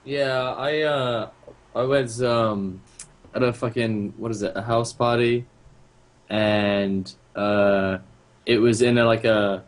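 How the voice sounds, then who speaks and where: A man's voice: mid-range voice, fairly even intonation, slow pace. A man co-hosting a gaming podcast, telling a story in a casual, profane way with many fillers. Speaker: podcast co-host.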